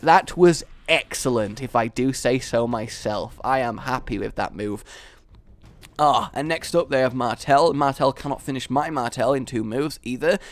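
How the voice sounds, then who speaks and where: A young man hosting a gaming video, giving excited play-by-play commentary with loud triumphant outbursts. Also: mid-range voice, moderate pace.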